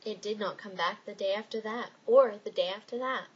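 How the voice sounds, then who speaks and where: Woman, expressive storybook reading, mid-pitched voice, dull lo-fi sound, faint hiss. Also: brisk. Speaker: reader. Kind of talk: dramatic storybook reading aloud.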